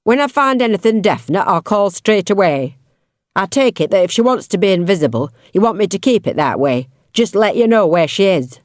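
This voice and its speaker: A woman voicing a creepy middle-aged male investigator with a blunt, gruff Yorkshire accent. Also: mid-range voice, expressive, a little fast, dry recording, studio quality, voice pushed up, lightly acted. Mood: blunt, menacing.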